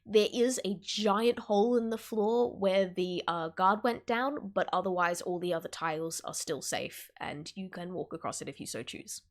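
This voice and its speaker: A woman running a tabletop game, describing scenes in a relaxed way. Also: mid-range voice, moderate pace, few pauses. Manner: relaxed descriptive narration with fillers. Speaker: game master.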